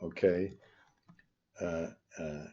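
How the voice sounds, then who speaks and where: An older finance teacher talks very slowly in a low, warm, slightly rough voice that holds a steady tone. The screen-recorded spreadsheet tutorial is full of rambling, grumbled asides, and restarts, and the recording sounds dull and lo-fi.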